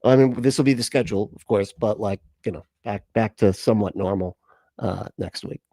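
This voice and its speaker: A man's voice: fairly low pitch, a little fast, vocal fry, mellow, dry recording, studio quality. A man casually hosting a livestream reaction, chatty and rambling, laughing often as he talks.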